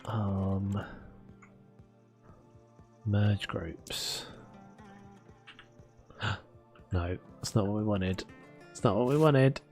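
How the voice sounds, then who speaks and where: A man's voice: fairly low pitch, drawn-out words, pauses often, a little mellow, faint music behind. A man with a South London accent chatting casually and rambling, self-mocking, while building in a game. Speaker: gaming streamer. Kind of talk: casual gameplay commentary.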